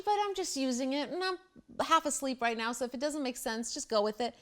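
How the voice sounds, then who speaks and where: A middle-aged woman hosting a parenting show, talking casually and bluntly straight to the camera, quick to poke fun at herself. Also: high voice, fairly bright tone. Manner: blunt, self-deprecating, chatty. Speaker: parenting host.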